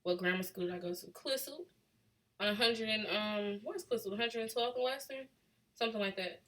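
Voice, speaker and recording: A woman's voice: medium pitch, moderate pace, fairly bright tone. A young woman from Chicago with a Chicago accent, chatting casually with a live chat, reading out questions and laughing. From Chicago, USA. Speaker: vlogger answering live chat.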